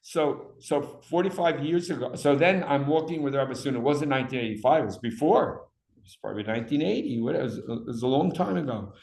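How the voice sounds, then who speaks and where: An older man teaching an evening class, talking in an animated way with many repeated words. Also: medium pitch, fast talker, creaky, reverberant. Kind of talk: lecture to a class.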